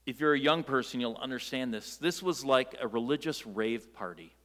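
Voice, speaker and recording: A man preaching a sermon, telling the story in a lively way with rhetorical questions and light jokes. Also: medium pitch, moderate pace, in a large hall. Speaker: pastor.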